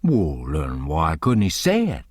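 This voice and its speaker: A man reading an audiobook and voicing a stubborn, earnest grown man who argues slowly and insistently in thick folksy dialect. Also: extremely low pitch, wildly swooping pitch, darkish tone, dry recording, clean studio sound, pitched below the performer's own voice, heavily acted. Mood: indignant. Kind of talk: audiobook character voice.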